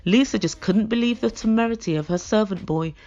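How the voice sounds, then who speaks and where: A woman's voice: mid-range voice, fairly quick, warm tone, highs cut off. A woman giving a comedic recap of a reality show in a blunt, sarcastic, mocking way. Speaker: reality TV reviewer.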